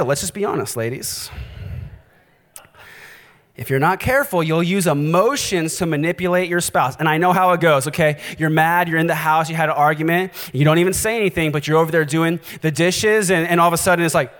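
A male pastor preaching a sermon, animated and direct, challenging his listeners. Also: on the high side, fairly quick, big-room sound.

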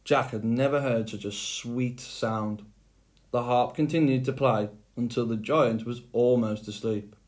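A man reading a fairy tale aloud in a slow, measured storytelling manner. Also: medium pitch, steady tone, darkish tone. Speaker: storybook reader. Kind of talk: scripted fairy tale narration.

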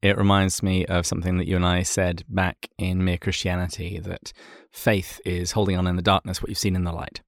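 Male co-host, low voice, dry close sound, friendly and encouraging. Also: level tone, brisk, vocal fry, hardly any pauses, no room sound. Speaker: podcast co-host. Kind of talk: casual faith podcast chat.

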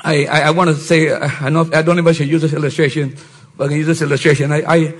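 A middle-aged man, a pastor, preaching a sermon and often rising to shouted emphasis with mocking put-on voices. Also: on the high side, little pitch movement, quick pace, breathy edge, rough recording.

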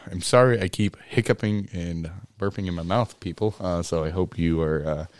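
A man's voice: deep voice, moderate pace, a little mellow, no room sound. A man co-hosting a podcast in casual chat, blunt and joking, laughing often and trailing off with fillers. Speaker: podcast co-host.

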